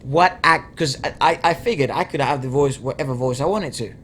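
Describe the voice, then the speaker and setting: A man's voice: mid-range voice, fairly quick, a bit bright, a little hiss or hum. A young man whose first language is Spanish, telling a long story in a casual chat and rambling along with lots of "like" fillers. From Latin America. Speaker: reaction video co-host.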